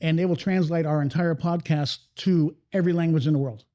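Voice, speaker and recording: A man's voice: a little high, fairly even intonation, a little fast, warm tone, no room sound, highs cut off. A man hosting a podcast in casual chat, rambling and swearing freely as he talks. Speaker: podcast host. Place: cigar lounge.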